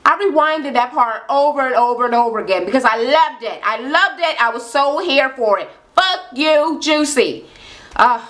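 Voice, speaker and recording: A high-pitched woman talks through a reality show episode in a casual vlog. She is blunt and chatty, swears freely, and jumps up in pitch to act out what the cast said. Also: animated, a little fast, few pauses, a bit bright. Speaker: reality TV recap YouTuber.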